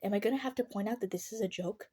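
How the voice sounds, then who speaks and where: A woman's voice: mid-range voice, racing, mellow, husky. A teenage girl talking casually about art as a vlogger, chatty and sarcastic, laughing often and swearing now and then. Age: teens. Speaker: artist vlogger. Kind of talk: casual chat.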